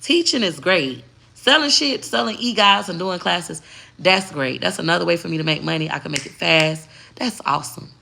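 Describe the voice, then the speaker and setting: A woman's voice: on the low side, expressive, normal speed, vocal fry, sharp tone. A woman content creator in a casual, heavily profane vlog rant, talking straight to her viewers and moving between slang and a proper voice. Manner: emphatic and preachy.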